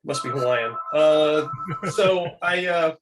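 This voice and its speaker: A man being interviewed as a guest, telling animated anecdotes and slipping into quoted voices. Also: extremely slow, noisy background. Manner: animated, acts out quoted voices with big pitch jumps. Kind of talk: lively anecdotal storytelling.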